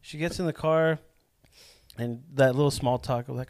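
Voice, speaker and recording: A young man from Southern California, co-hosting a podcast and telling a story in a profane, animated way while quoting the people in it. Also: medium pitch, normal speed, dry recording, studio quality. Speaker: podcast co-host. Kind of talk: casual storytelling chat.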